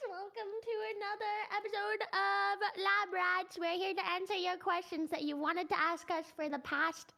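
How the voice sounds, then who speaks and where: A woman's voice: extremely high pitch, steady tone, moderate pace, creaky, few pauses, bright, forceful tone. A woman co-hosting a stream, bubbly and giggly in casual chat. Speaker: co-host.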